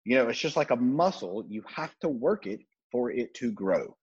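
A man's voice: medium pitch, animated, normal speed, darkish tone, breathy edge, muffled recording. A man hosting a podcast, giving blunt, profane sales coaching in a casual talk. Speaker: podcast host.

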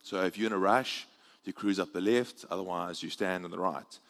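Male preacher, low register, chatty and jokey delivery, live in a reverberant church hall. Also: moderate pace. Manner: chatty, jokey, animated swings in loudness. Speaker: guest preacher. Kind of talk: sermon.

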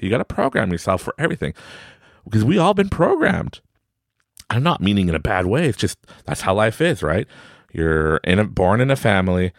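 A man's voice: deep voice, no room sound, studio quality. A man in his forties hosting a podcast, giving a rambling, upbeat motivational talk and laughing often. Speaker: podcast host.

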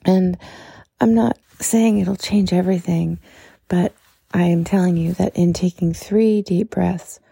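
A woman hosting a podcast, talking casually and then leading a calm, soft-spoken guided breathing meditation with slow pauses. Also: lowish voice, creaky, husky, no echo, studio quality.

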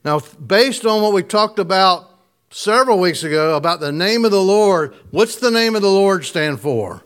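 A man's voice: high voice, lively intonation, moderate pace, clear, resonant tone. A man preaching a casual, conversational sermon, chuckling often and putting questions to his listeners. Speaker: pastor.

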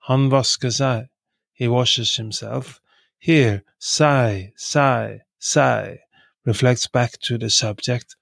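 Slow, gravelly male language teacher. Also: medium pitch, dry recording. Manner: repeats each word three times; measured, with fillers. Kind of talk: slow repetitive lesson.

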